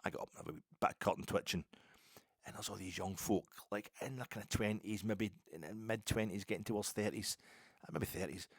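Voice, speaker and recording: A Scottish man talking in a rambling, sweary casual monologue as a football podcaster, with loud bursts. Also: fairly low pitch, brisk, husky, no room sound, clean studio sound.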